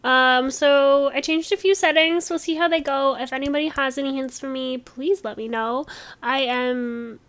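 Woman, high voice, bubbly, gushing, casual gameplay chatter. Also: steady tone, a bit bright. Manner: bubbly, gushing, quick with laughs. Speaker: gaming channel host.

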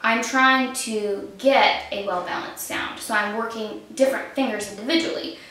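A woman harp teacher explaining arpeggio practice step by step in a calm voice while she plays. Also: on the high side, normal speed, recorded from a distance. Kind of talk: instrumental lesson demonstration. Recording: roomy echo, voice from off mic, harp playing.

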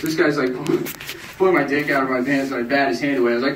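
A man in his thirties telling a self-mocking, deadpan stand-up story, acting out other people's voices. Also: mid-range voice, fast, distant mic. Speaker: stand-up comedian. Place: live music club stage. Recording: roomy crowd bootleg from afar, noisy. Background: audience laughter.

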